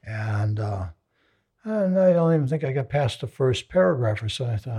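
Older man with a gravelly voice, telling animated stories. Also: mid-range voice, normal speed. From United States. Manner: animated storyteller, acts out voices, gets emotional. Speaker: hypnotist, interviewee. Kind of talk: emotional storytelling interview.

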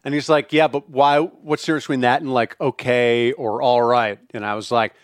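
A man co-hosting a casual podcast chat, talking in an animated way and swearing freely. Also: mid-range voice, brisk, clear, resonant tone, no echo, clean studio sound. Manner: animated, swearing, enthusiastic greetings. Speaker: podcast co-host. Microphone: remote call mic.

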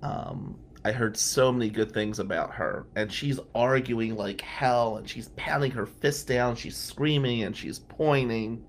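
Host read: New man, gravelly voice, candid storytelling tribute with a wry edge and a faint hiss behind him. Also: mid-range voice, unhurried, few pauses. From New Jersey. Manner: candid, wry, laughs between lines. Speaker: podcast host and lawyer.

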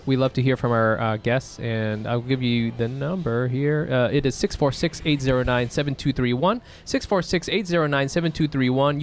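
A man's voice: medium pitch, a little hiss or hum. A man co-hosting a podcast, chatting casually with lots of fillers and jokes. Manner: rambling, filler-heavy, joking. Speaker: podcast co-host.

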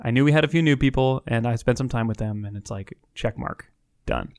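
A man's voice: medium pitch, brisk, a little mellow, clean tone, no room sound, clean studio sound. A man in his late thirties with an ordinary mid-range voice, co-hosting a casual podcast. He tells stories with playful asides and laughs often. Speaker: podcast co-host. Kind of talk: casual chat.

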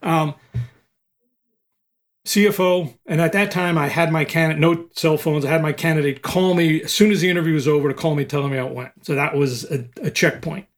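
A man's voice: fairly high pitch, fairly quick. An older man, a recruiting expert, telling a long story in a podcast interview and acting out the quotes. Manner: animated storyteller, acts out quotes.

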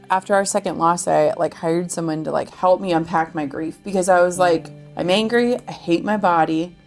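Chatty woman from Minnesota, talking casually. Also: fairly low pitch. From Minnesota, USA. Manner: chatty, frequent "like" fillers, acts out quoted dialogue. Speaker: podcast guest. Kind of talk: casual interview chat.

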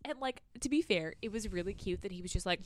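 A woman's voice: mid-range voice, quick pace, a little hiss or hum. A woman co-hosting a podcast, casually talking through a book and acting out characters' lines with frequent swearing. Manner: animated retelling, acting out quotes, swears. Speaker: podcast co-host.

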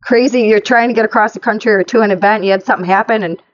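A woman's voice: mid-range voice, racing, no echo, highs cut off. A woman co-hosting a casual chat show, telling road stories with lots of laughter. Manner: lively storyteller, laughs often. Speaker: podcast co-host.

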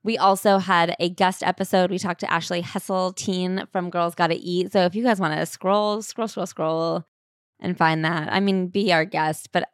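A woman's voice: lowish voice, fairly even intonation, normal speed, few pauses, clear, resonant tone, dry recording. A woman co-hosting a podcast in casual chat, playful and laughing, on a close mic. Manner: chatty, laughing, playful asides. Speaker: podcast co-host.

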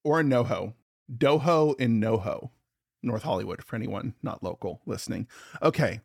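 Teasing podcast guy, bouncy pitch, dry mic sound. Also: normal speed, vocal fry, slightly rough, dry recording. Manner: playful, teasing, lively. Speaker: podcast co-host. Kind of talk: casual chat.

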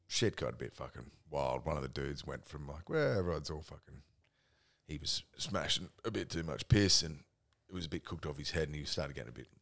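Very deep-voiced sweary Australian man. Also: animated, brisk, creaky, fairly bright tone. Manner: rambling, sweary, laughing mid-story. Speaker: podcast co-host. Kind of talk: casual storytelling chat.

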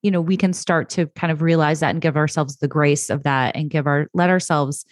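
Low-voiced woman podcast host, dry sound. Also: fairly even intonation, fairly quick, no echo. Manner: supportive, reflective, addresses listeners. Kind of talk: casual chat.

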